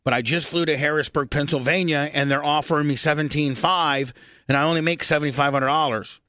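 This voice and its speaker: A middle-aged man from Indiana hosting a radio talk show, telling a long story, swearing freely and clearing his throat often. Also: on the high side, fairly even intonation, fairly quick, pushed and bright, dry recording, studio quality.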